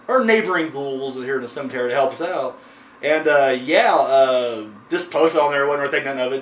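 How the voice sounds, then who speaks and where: A man hosting a horror movie review show, chatting casually and rambling with lots of fillers and swearing. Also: mid-range voice. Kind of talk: casual chat. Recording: echoey room from a distance with faint noise.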